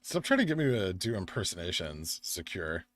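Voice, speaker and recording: A man's voice: low-pitched, big pitch swings, normal speed, a bit bright. A tired young man from the United States hosting a live stream, rambling casually while he reads the chat and the charts. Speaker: livestream host.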